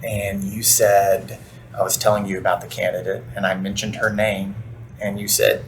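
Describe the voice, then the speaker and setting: A man's voice: fairly low pitch, little pitch movement, a little hiss or hum. A man hosting a podcast interview, enthusiastic and affirming, chatting casually with his guest. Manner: enthusiastic, affirming, quick to agree. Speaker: podcast host and recruiter.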